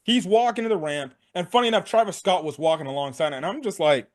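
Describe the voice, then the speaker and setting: A young man casually recapping a wrestling event for his sports channel, slangy and excitable, laughing and acting out what people said. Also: high-pitched, fast, few pauses. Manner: excitable, slangy, laughs a lot, acts out quotes. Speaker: sports commentary vlogger.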